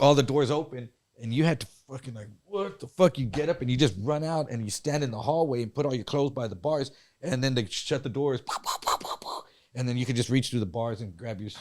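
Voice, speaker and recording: A man's voice: medium pitch, a little mellow, no room sound, studio quality. Profane man telling a story. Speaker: podcast co-host. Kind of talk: casual storytelling.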